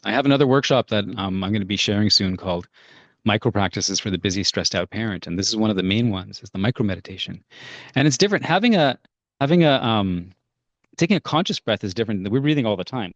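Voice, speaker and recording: A man's voice: lowish voice, no room sound, dull audio. A man presenting a parenting workshop in a casual, chatty way, full of fillers like "like" and "right?". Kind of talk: casual guided workshop talk.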